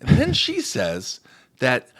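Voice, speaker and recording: Podcast host, male, bawdy joker, very animated delivery. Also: medium pitch, slow. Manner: crude, joking storyteller reading out posts. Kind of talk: casual podcast chat.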